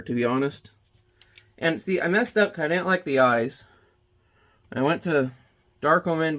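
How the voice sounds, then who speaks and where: A man chatting casually while he paints, rambling between jokes and quiet reflection. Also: a little high. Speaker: painting vlogger.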